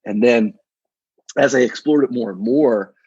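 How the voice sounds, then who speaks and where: A man's voice: medium pitch, unhurried, darkish tone, husky, dry recording, highs cut off. A man in his thirties, a coach and guest on a casual podcast, talking in a laid-back, slangy way with frequent restarts.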